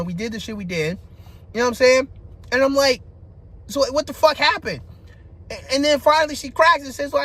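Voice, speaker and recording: Young adult man, personal rant vlogger, profane, exasperated, breaks into loud outbursts. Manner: frustrated venting with heavy profanity, restarts, pitch rising into shouting.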